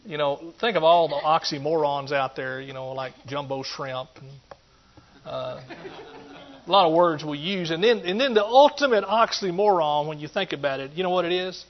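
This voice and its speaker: A middle-aged man with a drawl preaches in a folksy, conversational way, with a fairly high voice. He punches his key points loudly, drops to quiet asides, and keeps checking in with the congregation. The recording sounds dull and lo-fi. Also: moderate pace. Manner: folksy, swings between loud emphatic points and quiet asides, calls out to the listeners. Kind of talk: sermon.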